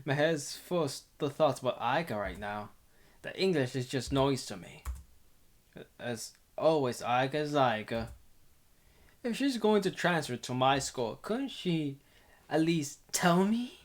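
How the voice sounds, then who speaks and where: A man reading a visual novel aloud at an unhurried, drawn-out pace, breaking into laughter and side remarks. His voice sits in a middling range and the reading stays casual. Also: mid-range voice, lively intonation. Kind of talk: casual game playthrough narration.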